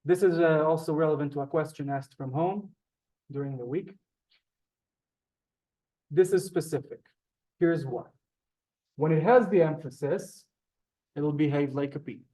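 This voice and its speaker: A man's voice: fairly high pitch, warm tone. Man teaching a Hebrew class. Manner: halting, repeats words, greets latecomers politely. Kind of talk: live classroom lesson.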